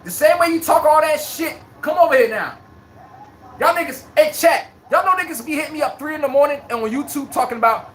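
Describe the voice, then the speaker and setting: A man's voice: extremely high pitch, animated, fairly quick, fairly bright tone, reverberant, a little hiss or hum. A man hosting a live sports fan stream, trash-talking rival fans, reading out chat comments and laughing often. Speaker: sports livestream host.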